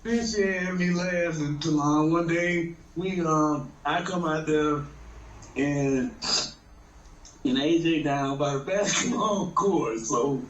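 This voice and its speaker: A man's voice: fairly high pitch, slow pace. A man casually telling a funny story, rambling, laughing often and repeating himself. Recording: roomy, dull lo-fi sound with faint noise.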